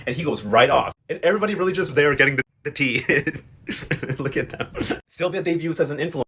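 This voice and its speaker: A man casually recapping a TV drama in a gossipy, animated way, acting out the characters' lines as he goes. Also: mid-range voice, quick pace, slightly rough. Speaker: host recapping a TV novela. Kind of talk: casual chat.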